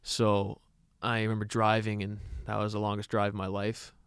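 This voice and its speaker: A young man co-hosting a podcast, telling a personal story in an earnest, halting way with many restarts. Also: on the low side, monotone, clear, resonant tone, dry recording. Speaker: podcast co-host. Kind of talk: personal storytelling in casual chat.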